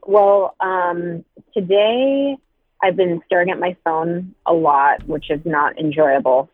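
A woman's voice: fairly low pitch, slow. A woman calling in by phone, chatting casually and hesitantly with frequent ums. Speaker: phone caller. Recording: tinny phone line.

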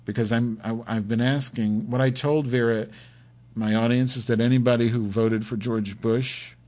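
A man hosting his own podcast, talking off the cuff with constant swearing, camp asides and sudden swings between low mutters and excited yelps, while complaining of a headache. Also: normal speed. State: has a headache. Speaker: podcast host. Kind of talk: rambling solo podcast.

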